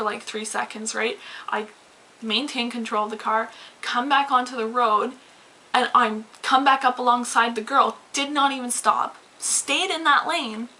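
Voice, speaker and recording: Bright-voiced woman ranting to camera. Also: fairly high pitch, low-quality recording. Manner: animated, swearing, rambling with many "like"s. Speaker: vlogger. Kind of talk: casual storytime rant to camera.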